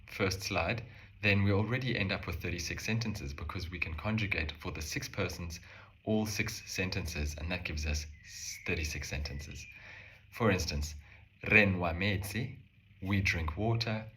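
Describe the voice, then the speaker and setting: Deep, bright-voiced man teaching a language. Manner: calm step-by-step explanation, slowing on example phrases. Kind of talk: explaining a language lesson.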